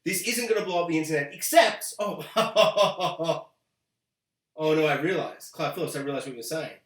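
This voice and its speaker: Brief: young man, sarcastic rant host, high voice, echoey room. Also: normal speed. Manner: sarcastic, animated, mocking quoted voices. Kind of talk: ranting video review.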